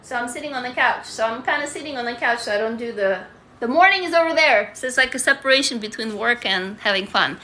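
A woman talks candidly and chattily into a phone held in her hand, reading out viewer comments. Her voice sits high and sounds sharply bright. She restarts often and swears freely. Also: animated, quick pace. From Russia. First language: Russian. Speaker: livestreamer. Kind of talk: casual live-stream chat reading viewer comments. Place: home office, sitting on a couch. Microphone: handheld phone.

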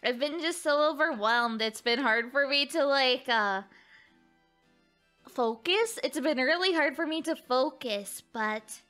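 Giggly woman VTuber, high bright voice, unhurried chat, faint game music behind. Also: animated. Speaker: VTuber streamer. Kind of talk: casual live-stream gaming chat.

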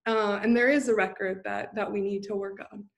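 A woman's voice: medium pitch, steady tone, a little fast, vocal fry. A woman speaking earnestly and reflectively as a panelist on a video call. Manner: thoughtful, self-reflective, careful restarts.

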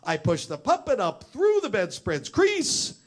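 A middle-aged man telling a personal story in front of an audience. He is animated and acts out the other people's voices, speaking fairly high with a lively, swinging pitch. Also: a little slow. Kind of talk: storytelling talk.

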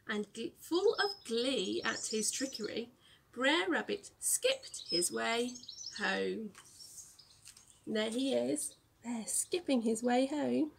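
A young woman teacher reading a storybook aloud to children, gently explaining words along the way. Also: a little high, takes it slowly, gravelly, a little hiss or hum.

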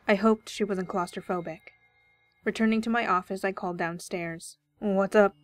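A woman reading a first-person horror story aloud with steady, measured storytelling. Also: mid-range voice. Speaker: story reader. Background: faint background music.

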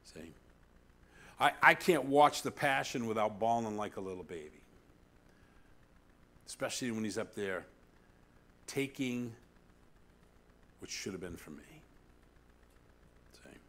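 A man preaching a sermon as pastor, animated, swinging between loud emphasis and hushed asides, often asking the congregation "See?". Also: fairly low pitch, unhurried, pauses often.

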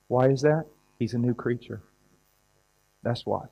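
A man's voice: mid-range voice, a little slow, creaky, long pauses, warm tone, poor audio. A man preaching a sermon in a conversational, storytelling way, acting out little scenes.

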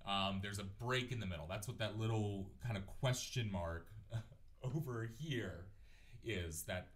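A man teaching a language lesson, repeating words slowly and clearly. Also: lowish voice. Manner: clear, drawn-out repetition of words; sings numbers in a chant. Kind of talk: slow, patient language lesson.

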